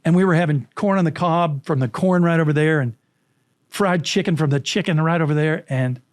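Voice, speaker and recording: A man in his sixties spins a childhood story for an interviewer, slipping in the voices of its characters. His voice sits a little above the usual pitch for a man, and his delivery is vivid and animated. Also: a little fast, no echo. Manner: vivid anecdotes, acting out quoted voices. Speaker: guest, storytelling coach.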